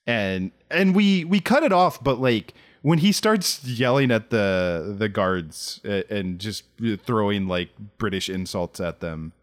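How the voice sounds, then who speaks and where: The man speaks with a lively, swooping pitch in casual podcast chat. He tends to rush his words in excited bursts, stopping and restarting his sentences. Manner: animated, quick bursts with restarts. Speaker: podcast co-host.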